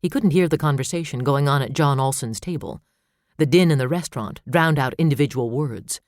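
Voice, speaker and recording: A man narrating a suspense novel in steady, measured storytelling. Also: medium pitch, no echo, clean studio sound. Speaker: audiobook narrator. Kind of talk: scripted narration.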